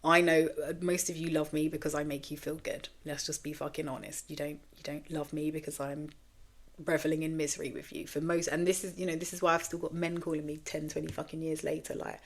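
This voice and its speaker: Woman, 40s, podcast host; low-set voice, rambling and blunt, emotionally raw and close to tears. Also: level tone, fairly quick. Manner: candid, rambling, swears freely. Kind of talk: casual confessional monologue.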